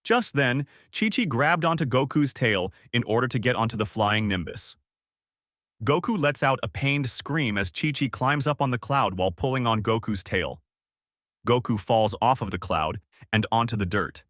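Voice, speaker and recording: A man narrating a fan story in a plain, steady reading style. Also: mid-range voice, normal speed, no room sound, studio quality.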